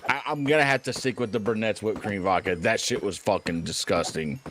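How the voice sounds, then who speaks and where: A man's voice: lowish voice, fairly quick, fairly bright tone, slight background noise. A man on a call with a streamer, chatting casually during a game, blunt and swearing. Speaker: co-player on call. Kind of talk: casual gaming stream chat.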